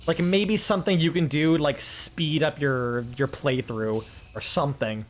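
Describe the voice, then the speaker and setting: A man's voice: on the high side, steady tone, measured pace. A man casually commenting while playing a game on stream, rambling with lots of filler words and frequent swearing.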